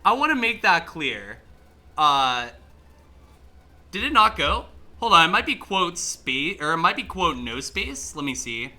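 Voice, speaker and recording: A man's voice: fairly high pitch, measured pace. A man streaming a game live, chatting to viewers, swearing and laughing as he reacts to the game. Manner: excitable, swears a lot, laughs and shouts at the game; chatty, talks straight to chat. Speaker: livestreamer. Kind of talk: live gameplay commentary.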